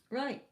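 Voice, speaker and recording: A woman's voice: a little mellow, muffled recording, a little hiss or hum. A woman reading tarot cards on a live stream, chatty and reassuring, tired and losing her voice late at night. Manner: chatty, reassuring, says okay and you know often. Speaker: tarot reader.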